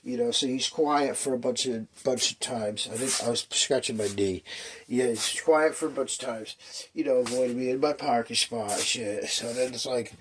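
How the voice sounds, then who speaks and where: A man's voice: mid-range voice, normal speed, a little hiss or hum. A man in his fifties telling a long personal story in a rambling, profane way, acting out what people said. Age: 50s. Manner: profane, restless, storytelling with acted quotes.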